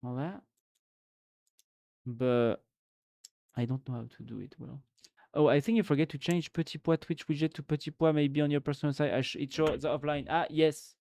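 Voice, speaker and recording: A man's voice: on the high side, fairly even intonation, normal speed, creaky, pauses often, darkish tone. A man from France with a French accent, chatting casually on a live stream and thinking aloud with lots of fillers.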